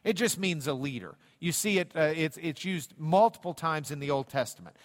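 A man's voice: fairly high pitch, lively intonation, normal speed, in a large hall. A man teaching a Bible class in a conversational way, repeating words and adding jokey asides.

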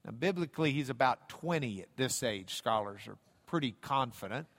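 A man's voice: medium pitch, animated, moderate pace, a bit bright, big-room sound. A man teaching a Bible class in a conversational way, repeating words and adding jokey asides.

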